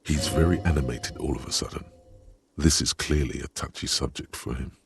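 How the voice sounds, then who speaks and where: Deep male game narrator, sardonic, faint music behind. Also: steady tone, moderate pace, slightly rough. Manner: dry, sardonic.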